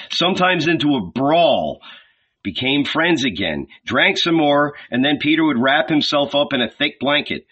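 Slow, husky male audiobook narrator. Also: mid-range voice, sharp tone. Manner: slow, measured reading with pauses. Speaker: audiobook reader. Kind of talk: scripted literary narration. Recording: dull lo-fi recording.

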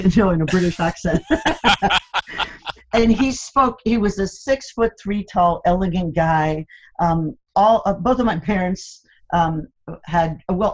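An older woman with a low voice tells family stories in a chatty, laughing way. The recording sounds dull and a little lo-fi. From Florida, USA. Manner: chatty storyteller, laughs often. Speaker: guest. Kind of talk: casual interview chat.

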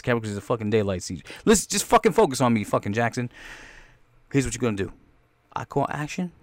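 A man's voice: medium pitch, no room sound. A man voicing a bossy, foul-mouthed film director who coaches and then berates an actor. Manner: yelling, berating, profane. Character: angry loudmouth male film director.

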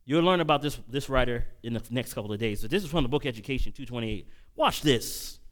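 A male preacher giving a sermon-style lecture, often restarting his phrases and building to loud, emphatic bursts. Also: medium pitch, animated, quick pace. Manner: repeats and restarts while reading quotes aloud.

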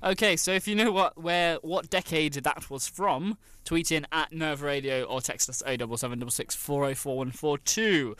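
A man's voice: fairly high pitch, moderate pace, hardly any pauses, a bit bright, no echo. A man hosting a radio show in playful, giggly banter. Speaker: radio host.

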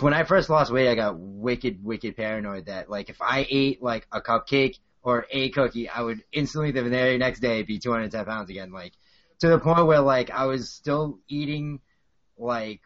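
A man in his late twenties with a Boston accent chats as a podcast guest. He talks in loose, filler-heavy stretches at an ordinary pitch. The recording sounds a little dull and lo-fi. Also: fairly bright tone. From South Korea. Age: 20s. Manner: rambling, filler-heavy storytelling. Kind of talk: casual podcast chat.

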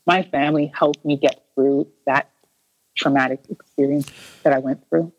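A woman's voice: low-pitched, fairly even intonation, moderate pace, no echo, dull audio. A woman interview guest earnestly recounting a personal story, restarting her sentences and acting out the voices she quotes.

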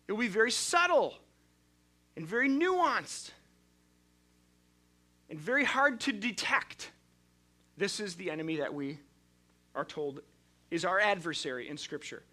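A man's voice: high voice, expressive, a little slow, long pauses, bright, forceful tone. A male pastor preaching a sermon in a conversational, storytelling way, often restarting his sentences.

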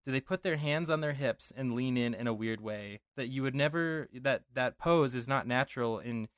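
Clean studio sound with no room noise captures a young man from Denver, USA, co-hosting a laid-back podcast conversation. His voice is medium-pitched, fairly bright and resonant, and clear at a normal speed, and he rambles, jokes and keeps correcting himself.

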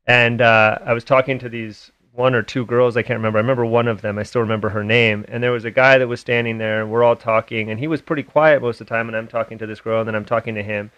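A man's voice: mid-range voice, fairly even intonation, fast talker, few pauses, a bit bright, dull audio. A man hosting a podcast, telling a personal story candidly and swearing freely in casual conversation. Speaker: podcast host.

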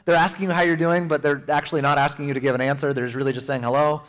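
Young male pastor, a little high-voiced, lively conversational sermon with jokey asides. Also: rapid-fire. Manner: conversational and animated, with playful asides and acted-out quotes.

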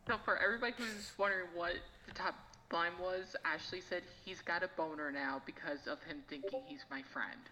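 Low-voiced deadpan woman on a podcast. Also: brisk, hardly any pauses, big-room sound, dull audio, a little hiss or hum. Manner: deadpan, mock-menacing. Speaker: podcast guest. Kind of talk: casual podcast chat.

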